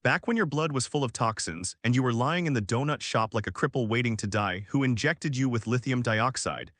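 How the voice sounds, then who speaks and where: Man voicing a stern spy chief, commanding, forceful, dry close sound. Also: mid-range voice, expressive, a little fast, dry recording.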